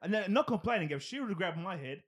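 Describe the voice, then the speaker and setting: A man's voice: sits high, expressive, fast talker, breathy edge. A man co-hosting a podcast, chatting casually and cracking cheeky jokes. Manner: cheeky, jokey. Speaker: podcast co-host. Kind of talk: casual chat.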